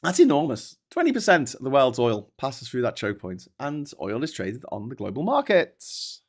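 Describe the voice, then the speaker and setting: A man's voice: mid-range voice, big pitch swings, moderate pace. A man with a British accent hosting a casual political commentary show, talking in a sweary, sarcastic and taunting way. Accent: British English. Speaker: host.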